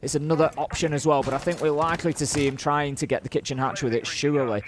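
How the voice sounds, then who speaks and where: A man's voice: fairly high pitch, fast, background noise. A man with a Northern English accent giving chatty esports colour commentary, explaining plays. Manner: chatty and explanatory, rising to excited calls. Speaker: esports analyst.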